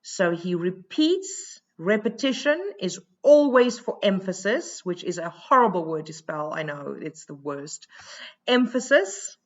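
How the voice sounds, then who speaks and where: A woman's voice: fairly low pitch, expressive, measured pace, hardly any pauses, lo-fi sound. A South African woman teaching a poetry lesson, explaining each point step by step in a chatty, informal way.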